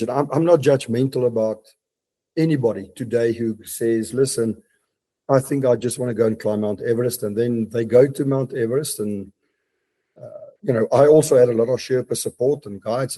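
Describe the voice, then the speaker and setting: A mellow, slightly rough mid-range voice belongs to a man who climbs mountains and leads businesses, appearing as a guest on a casual podcast. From his home study he speaks reflectively, with frequent restarts.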